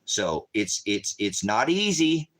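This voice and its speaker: A man preaching and chatting on a livestream, rambling and emphatic, dropping to low mutters and rising into outbursts. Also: big pitch swings, slow pace, a bit bright. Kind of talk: casual livestream talk to chat.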